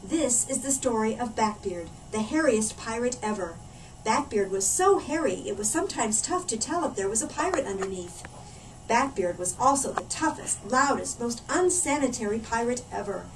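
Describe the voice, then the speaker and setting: A woman, a children's librarian, reading a storybook aloud in a playful, animated way. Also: a little high, normal speed. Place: library room. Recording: distant mic, faint room noise.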